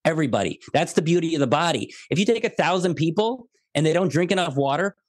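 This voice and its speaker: An American man in a remote interview, his fairly high voice swinging through jokey stories and acted-out quotes. The sound is close and dry, with almost no room around it. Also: fast talker, dry recording. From United States. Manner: animated, jokey storytelling with quoted asides. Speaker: guest. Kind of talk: podcast interview.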